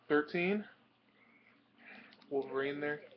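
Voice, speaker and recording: A man's voice: a little high, very slow, slight background noise. A young man rambling through his new comics in a casual show-and-tell vlog, with plenty of ums and uhs. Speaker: comic book collector showing purchases. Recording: dull lo-fi home recording.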